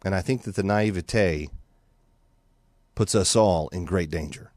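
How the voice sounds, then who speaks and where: A man's voice: low voice, a little slow, no room sound, studio quality. An American man hosting a talk radio show, speaking animatedly and sometimes mocking in a monologue. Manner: animated, mocking, acts out other voices. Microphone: studio microphone.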